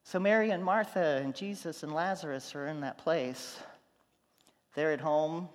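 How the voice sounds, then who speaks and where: A man preaching a sermon, telling stories, going from loud and animated to quiet and soft. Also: on the high side, a little slow, long reverb tail. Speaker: pastor.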